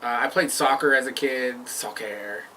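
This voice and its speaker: A man's voice: mid-range voice, moderate pace, bright, forceful tone, far from the mic, slight background noise, poor audio. A man co-hosting a casual chat over drinks, patiently explaining sports. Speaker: podcast co-host.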